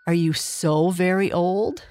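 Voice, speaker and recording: A woman's voice: lowish voice, slow pace, a little mellow, no echo. A woman voicing a curious young male rocking horse toy in a children's story. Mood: wondering.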